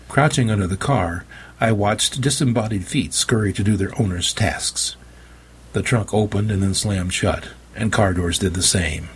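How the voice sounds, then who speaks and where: A male audiobook narrator telling a first-person tale. His delivery is wry and deadpan. The voice is low and husky, with a raspy edge. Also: moderate pace.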